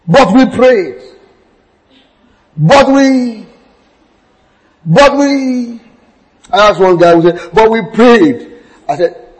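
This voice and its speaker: A pastor preaching a sermon, telling stories with acted quotes and bursts of shouting. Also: male voice, very high voice, poor audio.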